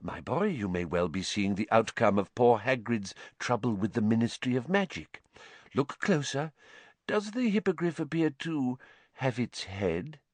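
A man voicing an eccentric older female seer teacher with a soft, breathy, dreamy and coaxing way of talking. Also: medium pitch, very animated, measured pace, no room sound.

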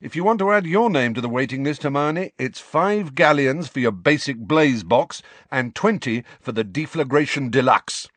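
A man's voice: medium pitch, expressive, normal speed, hardly any pauses, fairly bright tone, dry recording, pitched above the performer's own voice. A man voicing an enterprising teenage boy who delivers breezy sales patter.

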